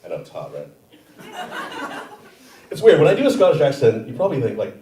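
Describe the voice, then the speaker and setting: A man doing a stand-up comedy set on a theater stage, animated and acting out other people's voices. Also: mid-range voice, brisk, recorded from a distance, a loud crowd. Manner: animated, acts out voices of relatives and fantasy women. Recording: echoey theater, mic heard from afar.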